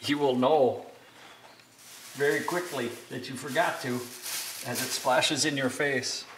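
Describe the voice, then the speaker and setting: A man's voice: mid-range voice, fairly even intonation, measured pace, a bit bright. A young man casually explaining a DIY woodworking project, rambling a bit and joking at his own expense. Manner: rambling, self-deprecating joking. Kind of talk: casual how-to narration. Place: home workshop. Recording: noisy workshop recording. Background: workshop noise, sanding and clicks.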